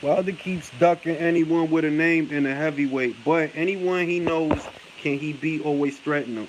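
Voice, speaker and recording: A male boxing talk show host ranting in casual chat, animated and profane, hammering his points with repetition. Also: on the high side, moderate pace, hardly any pauses, slight background noise, rough recording. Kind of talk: casual chat, heated rant.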